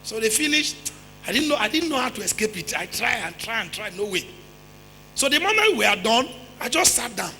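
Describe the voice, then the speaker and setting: High, bright-voiced Nigerian preacher. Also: male voice, very animated, fairly quick, vocal fry. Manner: emphatic preaching, repeats phrases, rhetorical questions, bursts into shouts. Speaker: pastor. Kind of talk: sermon. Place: church hall. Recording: reverberant church hall with faint music.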